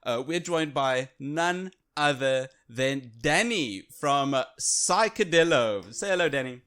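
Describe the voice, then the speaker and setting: A man co-hosting a casual podcast from a remote setup, playful and animated, laughing often. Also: on the high side, slow, smooth. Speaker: podcast co-host. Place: home setup on a remote call.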